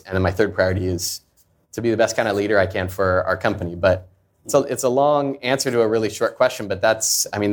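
A man in his thirties, a company founder, telling a personal story in an interview in an earnest, confessional way. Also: fairly low pitch. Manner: earnest, confessional, acts out quoted voices. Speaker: founder and CEO, guest.

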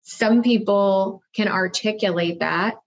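A woman talks through her answers as an interview guest, upbeat and chatty, pausing on fillers as she thinks. Her voice sits in a middle range. The audio is dull and lo-fi, like a remote call. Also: mid-range voice. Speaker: marketing executive guest.

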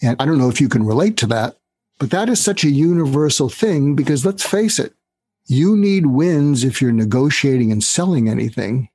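A man talking as a guest expert on selling and negotiating, animated and acting out bits of dialogue as he explains. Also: normal speed, husky, no echo. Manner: animated, acts out dialogue with raised pitch for quoted lines. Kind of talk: explanatory interview talk.

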